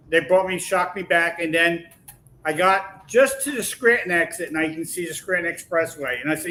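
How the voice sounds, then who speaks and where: A man guest telling a long personal story in a lively, animated way, acting out the voices he quotes. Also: high voice, normal speed, low-quality recording. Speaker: podcast guest. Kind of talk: casual storytelling.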